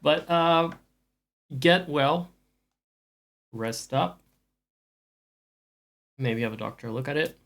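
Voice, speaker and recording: A man's voice: mid-range voice, creaky, fairly bright tone. A man streaming live and chatting casually with viewers, rambling with dry jokes and frequent restarts.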